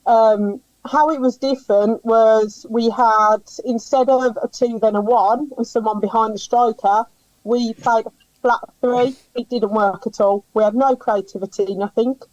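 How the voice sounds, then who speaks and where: A woman, a podcast panelist giving brisk, opinionated match feedback with plenty of ums. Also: on the high side, steady tone, a little mellow, no room sound, lo-fi sound. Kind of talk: casual football chat.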